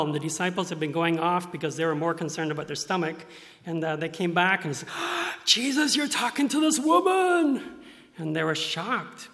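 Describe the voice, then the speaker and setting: A man's voice: on the high side, creaky, fairly bright tone. Man preaching in a reverberant hall. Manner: earnest, acts out quoted voices in bursts. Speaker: pastor. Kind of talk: sermon.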